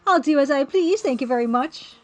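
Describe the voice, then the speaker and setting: A woman's voice: high-pitched, animated, fairly quick, soft background music. A woman reading the lines of a headstrong young woman who defies her wealthy father, in a clipped, indignant way. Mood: defiant.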